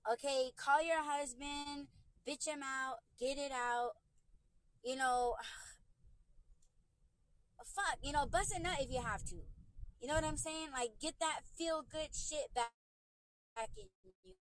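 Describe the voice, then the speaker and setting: Broadcasting a podcast livestream from her car on a phone, a woman with a high-pitched voice rants bluntly, swearing a lot and repeating the same points again and again. She speaks a little slowly with long pauses, and the recording is dry and low quality.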